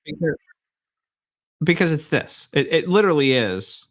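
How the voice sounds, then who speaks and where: A man's voice: on the high side, sing-song, unhurried. A man hosting a live stream, reacting to clips in a rambling, incredulous way. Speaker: host.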